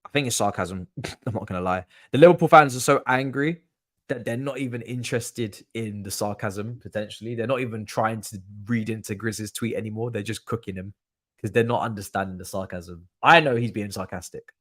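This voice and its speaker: A man's voice: on the low side, fairly quick, a bit bright. Young man, football streamer, casual and sweary, mutters then rants. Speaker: streamer hosting a football watchalong. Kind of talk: casual live-stream chat.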